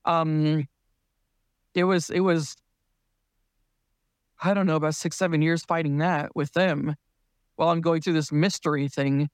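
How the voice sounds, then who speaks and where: Telling a long, loose story as a podcast guest, this father has a slightly high voice with fairly even intonation. He speaks at a measured pace, pausing often, laughing frequently and keeping the mood light. The recording is clean, dry and close, with no room sound.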